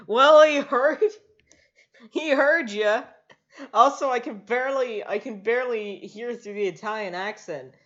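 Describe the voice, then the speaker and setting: A woman's voice: fairly high pitch, a little slow, fairly bright tone. A woman giving casual, giggly reaction commentary with playful jokey asides. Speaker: reaction video host. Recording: dull lo-fi audio with faint music.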